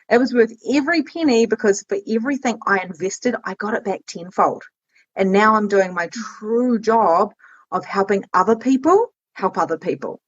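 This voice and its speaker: A woman in her thirties hosts a casual podcast conversation, rambling in an animated way and laughing often. Her voice is husky and breathy. The audio is muffled and lo-fi. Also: medium pitch. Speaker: podcast host and spiritual coach. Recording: dull lo-fi audio.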